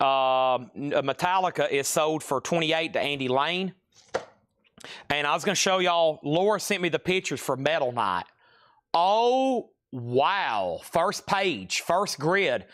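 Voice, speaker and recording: Man, live sale host, reads out record titles and prices, slow unhurried pace, slightly high voice. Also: lively intonation, a bit bright. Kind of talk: live-stream sales patter. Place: record shop.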